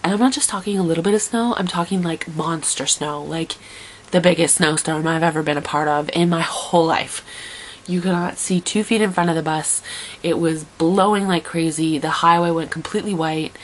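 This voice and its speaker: A young woman vlogging a personal story in a lowish voice. She tells it in a chatty, dramatic way with wry asides. A faint hum sits behind her. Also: low-quality recording. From Toronto, Canada. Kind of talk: casual storytelling monologue.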